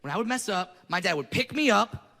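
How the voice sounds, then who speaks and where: A man performing a stand-up set who shouts his punchlines. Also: high-pitched, expressive, fairly quick, creaky, long reverb tail. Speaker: stand-up comedian. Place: comedy club stage.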